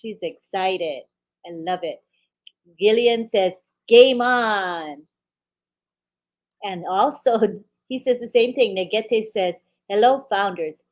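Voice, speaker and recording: Woman co-host, upbeat, reads viewer comments aloud one by one, mid pitch. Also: slow pace, darkish tone. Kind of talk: live webinar chat.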